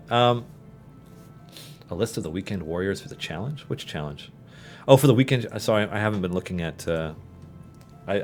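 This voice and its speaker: A man with a Canadian accent hosting a casual livestream, reading and answering chat questions with many fillers and restarts. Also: low-pitched. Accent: Canadian English.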